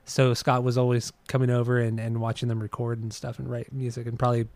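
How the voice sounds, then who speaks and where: A man's voice: mid-range voice, flat delivery, fast, darkish tone, dry recording. A man co-hosting a podcast, chatting eagerly about an album and swearing freely. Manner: enthusiastic, swears often, trails off and restarts. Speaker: podcast co-host. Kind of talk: casual music podcast chat.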